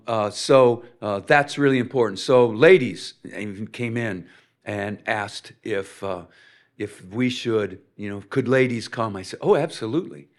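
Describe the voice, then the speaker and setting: A man leads a church seminar, speaking to the group in a relaxed, conversational way. He often lifts his voice for emphasis and pauses on fillers as he thinks. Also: fairly low pitch.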